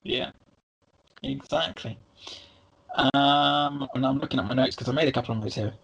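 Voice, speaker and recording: Gravelly-voiced man chatting about a film. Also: mid-range voice, normal speed, a bit bright, muffled recording. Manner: chatty, hesitant with many fillers. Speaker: podcast co-host. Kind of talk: casual film review chat.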